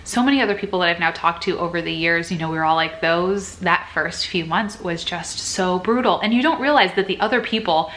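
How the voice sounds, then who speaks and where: Young woman, lowish voice, chatty, earnest, faint background hum. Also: fairly quick, few pauses, a bit bright. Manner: chatty and earnest, acts out her own past worries. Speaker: nurse sharing advice. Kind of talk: casual vlog chat.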